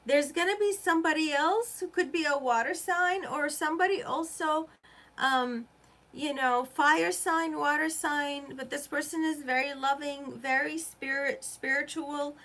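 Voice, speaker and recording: A woman's voice: high-pitched, unhurried, pushed and bright. A woman from Iraq, a native Arabic speaker, giving a rambling, chatty live tarot reading and talking straight to her viewers. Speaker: tarot reader.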